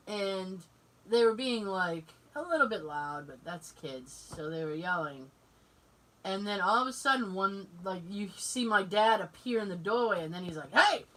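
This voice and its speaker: A woman in her forties co-hosting a podcast, telling family stories in casual chat, animated, laughing often and swearing freely. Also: medium pitch. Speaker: podcast co-host. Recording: distant mic, noisy.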